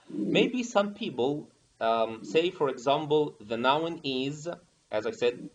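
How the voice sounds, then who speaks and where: A man's voice: mid-range voice, lively intonation, slow pace, a little hiss or hum. A man teaching a pronunciation lesson, explaining step by step and often checking in with "okay?". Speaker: teacher trainer. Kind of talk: online training lesson.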